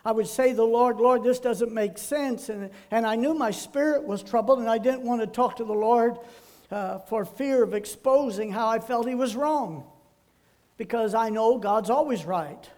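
A man's voice: very high-pitched, moderate pace, darkish tone. An older man, a pastor, giving a folksy sermon full of homespun, rambling anecdotes.

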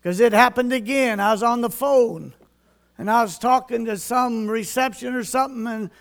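An older man preaching a folksy sermon in a high voice, reading scripture in a King James cadence. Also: normal speed, creaky.

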